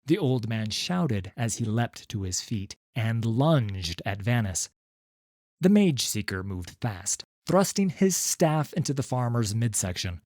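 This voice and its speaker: A man narrating a fantasy story in a slow, measured storytelling manner. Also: medium pitch, big pitch swings, darkish tone, dry recording, studio quality. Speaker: audiobook narrator. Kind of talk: scripted narration.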